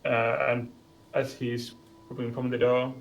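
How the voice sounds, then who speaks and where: Male player, gravelly voice, slow hesitant narration. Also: medium pitch, little pitch movement, poor audio. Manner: hesitant narration of his character. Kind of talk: tabletop play.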